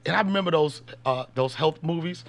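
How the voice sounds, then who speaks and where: A man in his fifties, a podcast host and comedian, tells loose, slangy, joking stories in a casual chat. His voice is a little high and a little fast.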